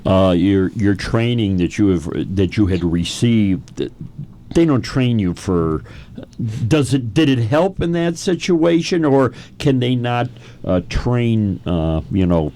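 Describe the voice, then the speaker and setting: A man hosting a radio interview, asking casual questions in a halting way. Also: deep voice, animated, mellow. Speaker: radio host.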